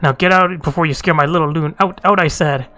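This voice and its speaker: A man's voice: a little high, steady tone, brisk, sharp tone, soft background music. A man voicing a crazed, fearful captive mother who talks in a frantic, suspicious way.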